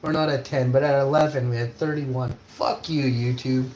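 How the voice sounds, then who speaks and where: A man on a casual livestream, cooking in his kitchen and swearing constantly as he rants, with sudden loud outbursts. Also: mid-range voice, steady tone, moderate pace. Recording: roomy with faint background hum.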